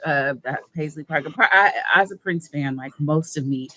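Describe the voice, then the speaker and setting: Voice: mid-range voice, moderate pace, pushed and bright. A podcast co-host reacting in a wry, dramatic way during casual chat.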